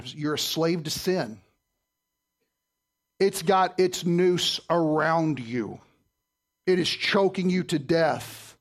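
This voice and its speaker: A man delivers a sermon in a church, his voice sitting high for a man. He is emphatic and keeps quizzing the congregation. He swings between loud and soft as he preaches. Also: takes it slowly, long pauses. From Southern United States. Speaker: pastor.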